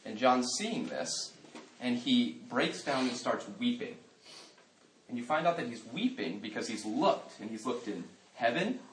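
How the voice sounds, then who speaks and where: A man gives a conversational Christian talk to an audience, swinging between playful asides and hushed, earnest reflection. His voice sits at an ordinary middle pitch. The sound is roomy and picked up from some distance, with a faint ambient hum behind it. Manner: humorous, shifting into quiet earnest reflection. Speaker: speaker giving a Christian talk.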